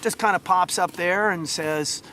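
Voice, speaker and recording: Bright-voiced man telling a rambling story. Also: high-pitched, a little slow, a little hiss or hum. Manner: rambling, many fillers and asides. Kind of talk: casual anecdote told to a listener.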